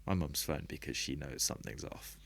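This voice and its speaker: A man who plays rugby, a guest on a podcast, talking in a reflective and open way and laughing softly now and then. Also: extremely low pitch, fairly quick, creaky, husky. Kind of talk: candid podcast conversation.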